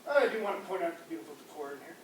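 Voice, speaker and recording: A man doing loose political stand-up, rambling and animated and slipping into mocking voices. He sounds distant from the mic in a roomy, echoey space with a faint ambient hum behind him. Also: on the high side, racing. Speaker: street comedian. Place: campus room before a live audience. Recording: echoey room, voice from far off.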